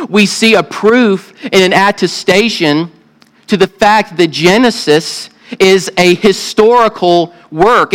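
The recording is rough, but this pastor from the Southern United States comes through with a high-pitched, somewhat bright voice. After an opening prayer he preaches earnestly, asking his congregation questions along the way.

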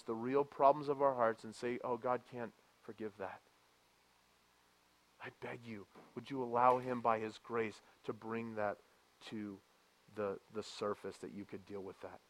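A man preaching a sermon as a pastor, reading scripture aloud and moving from quiet reflection to loud, impassioned preaching. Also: mid-range voice. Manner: reads scripture aloud with emphasis.

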